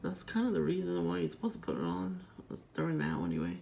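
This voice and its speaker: Gravelly congested woman ranting. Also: lowish voice, wildly swooping pitch, fast, mellow, slight background noise. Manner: rambling, swearing, ranting. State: congested, nasal from a cold. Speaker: vlogger. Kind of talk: casual vlog chat.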